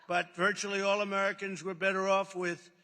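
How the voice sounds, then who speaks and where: This man's high voice is brisk and sharp-toned, with a flat delivery. Speaking at a rally, he rambles and boasts off the cuff, repeating points for emphasis into a podium microphone in a big indoor hall, amplified and trailed by long hall reverb.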